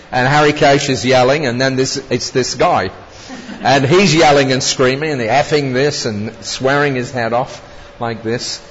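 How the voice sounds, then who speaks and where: Chuckling man telling old stories. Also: mid-range voice. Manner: chuckles often, rambling asides. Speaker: disciple recounting travels. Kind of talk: anecdotal storytelling. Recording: dull lo-fi recording with long reverb and faint noise.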